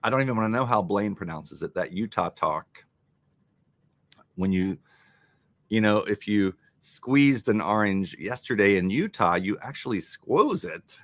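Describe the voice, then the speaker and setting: Lively bright-voiced male streamer. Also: lowish voice, measured pace, no room sound. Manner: animated, joking, thanking viewers. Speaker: livestream host. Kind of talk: casual live-stream chat. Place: home in Rochester, New York.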